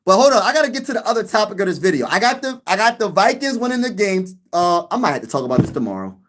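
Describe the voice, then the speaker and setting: A man's voice: high-pitched, sing-song, fast talker, fairly bright tone. A man hosting his own sports channel, talking casually to his viewers, repeating himself and laughing at his own jokes. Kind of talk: casual sports vlog chat.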